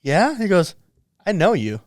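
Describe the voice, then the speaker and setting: Young guy cohost, chill, goes quiet and low a lot, average pitch, no room sound. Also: normal speed, dry recording, studio quality. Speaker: podcast co-host. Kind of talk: casual chat.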